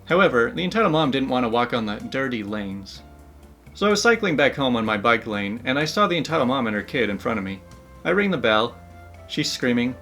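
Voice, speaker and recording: A man's voice: mid-range voice, big pitch swings, brisk, sharp tone, faint music behind. A man hosting a story channel, narrating online stories in an upbeat, chatty way. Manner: upbeat, chatty, laughs between asides.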